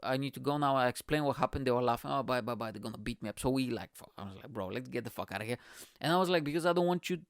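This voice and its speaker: A man's voice: medium pitch, very fast, hardly any pauses, clear, resonant tone, no room sound, clean studio sound. A man from Bulgaria hosting his own show, telling a story in a casual monologue, swearing a lot and acting out the other people's lines. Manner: animated, swears a lot, acts out quoted voices. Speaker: podcast host.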